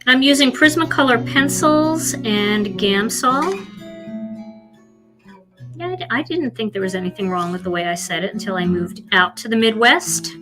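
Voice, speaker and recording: A woman's voice: a little high, expressive, moderate pace. Woman with a philadelphia accent, chatty crafting host, guitar music playing behind. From Philadelphia, USA. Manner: chatty, self-deprecating, thinks aloud while coloring. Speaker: card-making host. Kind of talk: live crafting demonstration.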